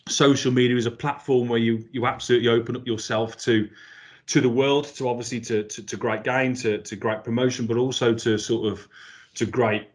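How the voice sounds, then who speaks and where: A man's voice: medium pitch, steady tone, brisk. A man hosting a casual podcast, chatty and jokey, often restarting his phrases. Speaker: podcast host.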